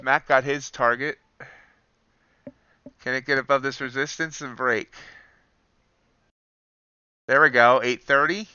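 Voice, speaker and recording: A man's voice: mid-range voice, pushed and bright, clear, resonant tone, no room sound, lo-fi sound. A man giving live commentary on his trades, counting off prices and greeting viewers in chat. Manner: calls out prices and chats with viewers. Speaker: livestream futures trader.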